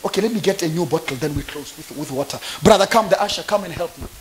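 A man's voice: fairly high pitch, lively intonation, fast, a little hiss or hum. A man preaching a fervent conference sermon, throwing call-and-response questions to the congregation. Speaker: pastor. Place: church conference.

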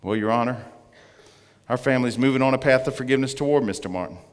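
A man giving an earnest testimony as a guest speaker in church, slowing down to stress his points. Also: medium pitch. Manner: earnest storytelling, slowing for emphasis. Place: church sanctuary. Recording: long church reverb.

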